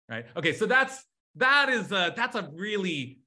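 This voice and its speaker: A man teaching a lively text study class, talking excitedly with frequent restarts. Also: sits high, moderate pace, few pauses.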